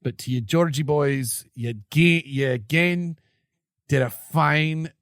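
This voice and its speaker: A hearty Scottish man hails the faithful with mock-rousing cheer, as a man puts on the accent. The voice sits a little high, and the sound is close and dry with no room around it. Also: slow pace, a bit bright, dry recording. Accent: put-on Scottish.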